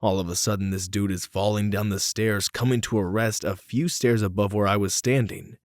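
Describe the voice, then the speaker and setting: A man narrating reader-submitted stories from a script, with animated commentary between them. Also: on the low side, moderate pace, no room sound, studio quality. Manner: reads stories, then reacts with animated asides. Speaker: story narrator. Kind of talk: scripted story reading with commentary.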